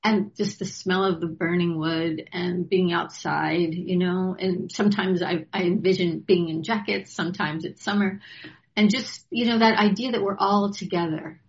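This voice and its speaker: Low gravelly-voiced woman chatting. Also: steady tone, normal speed. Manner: reflective, laughs often. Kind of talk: casual chat. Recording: slightly dull lo-fi sound.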